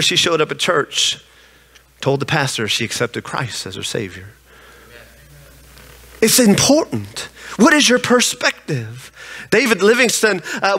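A man's voice: high-pitched, bright, forceful tone. A man preaching a sermon in a church, telling stories emphatically. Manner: emphatic storytelling. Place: church sanctuary. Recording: long church reverb.

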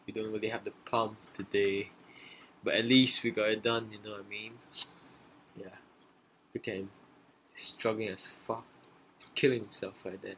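A man's voice: lowish voice, a bit bright, a little hiss or hum, rough recording. A young man giving casual, profanity-laced commentary on a workout as a fitness vlogger. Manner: laid-back, swears a lot. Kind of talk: casual gym vlog commentary. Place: gym.

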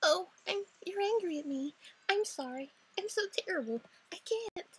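A woman voicing a tearful young female teacher who keeps apologizing in a high, pleading voice. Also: lively intonation, moderate pace, a little hiss or hum.

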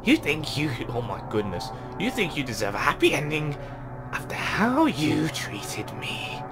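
A man's voice: on the high side, huge pitch swings, unhurried, over music. A man reading the lines of a jealous, menacing young woman from a game in a raised, accusing voice.

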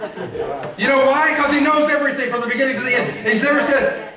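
Recorded from afar in an echoey church sanctuary, a preacher with a very high-pitched voice delivers an animated, quick-paced sermon. He repeats phrases and calls out for the congregation to respond, with crowd sounds in the background.

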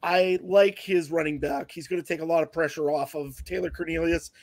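A man's voice: a little high, fairly even intonation, fairly quick, a little mellow, no echo. A man talking on a sports podcast, emphatic and declarative. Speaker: podcast co-host. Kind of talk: casual sports podcast talk.

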